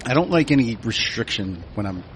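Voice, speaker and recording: A man's voice: mid-range voice, big pitch swings, fairly quick, a bit bright, a little hiss or hum. A man co-hosting a podcast, recapping scenes in a dry, wry way during casual banter. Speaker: podcast co-host. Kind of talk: casual banter among friends.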